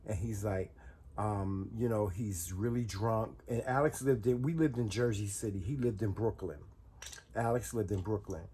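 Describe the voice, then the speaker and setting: A man's voice: on the low side, normal speed, warm tone, slight background noise. A man casually telling viewers a personal story, rambling and repeating words as he goes.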